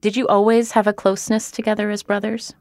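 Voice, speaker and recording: A woman interviewer asking curious, lively questions and narrating between answers. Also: medium pitch, fast, no echo. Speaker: interviewer, radio host.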